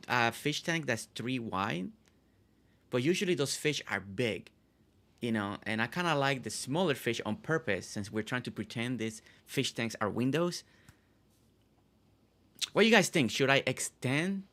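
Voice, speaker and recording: Bright-sounding guy from puerto rico rambling on a game stream, lots of uhs. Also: mid-range voice, expressive, normal speed. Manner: chatty, rambling with many fillers. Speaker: streamer host. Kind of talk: casual game stream chat.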